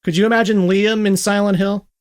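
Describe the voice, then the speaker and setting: A podcast host in casual gaming chat, jokey and quick to laugh. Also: mid-range voice, level tone.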